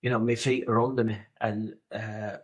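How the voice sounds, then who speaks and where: A man's voice: lowish voice, level tone, moderate pace, lo-fi sound. A man, co-hosting a podcast in casual comedic chat, rambling through stories, swearing freely and slipping into silly voices. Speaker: podcast co-host.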